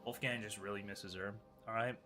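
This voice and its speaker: A man's voice: fairly low pitch, steady tone, a little fast, music in the background. A man hosting a live stream, chatting casually and teasing his co-host and viewers. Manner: teasing, joking, talks to chat.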